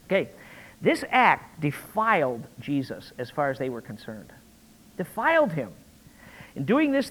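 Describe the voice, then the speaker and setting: A man preaching a conversational, animated sermon, acting out quotes as he goes. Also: a little high, low-quality recording. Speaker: pastor.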